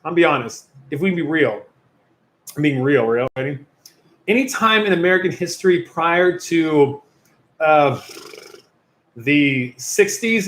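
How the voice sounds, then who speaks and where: Through a computer or phone mic in an echoey room, a youth pastor hosts a casual youth Q&A livestream. His voice is on the high side and a bit bright, and he's rambling and chatty, often breaking off mid-sentence.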